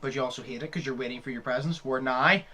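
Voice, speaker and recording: A man's voice: mid-range voice, rapid-fire, bright, forceful tone. A young man co-hosting a casual podcast, swearing freely and laughing often as he retells comedy scenes. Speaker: podcast co-host.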